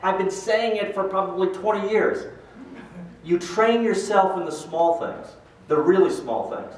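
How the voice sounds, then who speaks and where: A fairly high-voiced older man gives a lively motivational talk, acting out the people in his stories. He is heard from a distance in a big, very echoey hall. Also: measured pace. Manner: animated storyteller acting out quoted voices. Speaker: speaker at a pro-life event.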